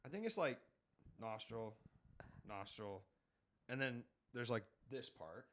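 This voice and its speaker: A man's voice: mid-range voice, expressive, slow pace, a bit bright. A man hosting a casual live stream from a small studio, rambling and swearing freely. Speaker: streamer host.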